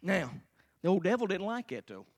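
A preacher in his forties giving a sermon, telling his own story and swinging from quiet storytelling to slow, shouted fervor. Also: high voice, big pitch swings, creaky, slight background noise. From Tennessee. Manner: shouts and slows down in the fervent parts, quiet and fast in the storytelling.

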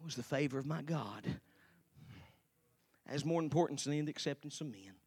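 A preacher in his forties giving a sermon, telling his own story and swinging from quiet storytelling to slow, shouted fervor. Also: fairly high pitch, husky. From Tennessee. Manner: shouts and slows down in the fervent parts, quiet and fast in the storytelling.

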